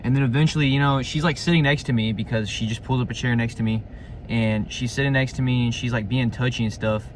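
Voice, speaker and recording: A man's voice: medium pitch, steady tone, fast talker, a little hiss or hum. Slangy man rambling through a storytime. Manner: rambling and slangy, full of "dude", "like" and swearing. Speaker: vlogger telling a personal story. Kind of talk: casual storytime monologue.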